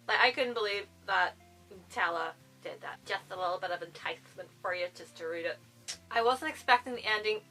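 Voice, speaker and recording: A woman book vlogger chats through her review with a bright, forceful tone, gushing over what she loved and breaking into excited exclamations. Her pitch sits in a middle range for a woman, and soft music plays faintly behind her.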